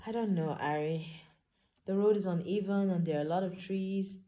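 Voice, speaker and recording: A woman's voice: medium pitch, moderate pace, mellow, highs cut off, close to an everyday voice. A woman reading a blunt, exasperated young woman. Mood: doubtful. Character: spirited, suspicious young woman.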